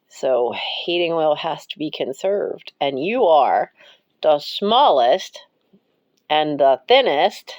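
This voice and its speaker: A woman's voice: lowish voice, dry recording. Giggly woman baby-talking to her cats. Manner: baby-talks to cats, breaks into frequent giggles. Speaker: pet vlogger. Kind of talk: casual talk to her cats while filming. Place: cold house, bedroom.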